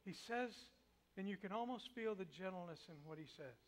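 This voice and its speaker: A male preacher giving a dramatic sermon in a church sanctuary, swinging between loud declaiming and a soft hush. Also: sits high, lively intonation, normal speed.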